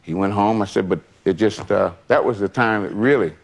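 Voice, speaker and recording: Speaking low and briskly with vocal fry, the same kind of older longtime associate recounts a personal story in a loose, rambling way, wandering into frequent asides.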